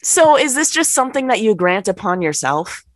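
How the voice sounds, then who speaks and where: A woman co-hosting a podcast, laughing often as she pushes back with skeptical banter. Her pitch swings widely and lively through each phrase, from a middling center. The sound is close and dry. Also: moderate pace, no echo. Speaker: podcast co-host.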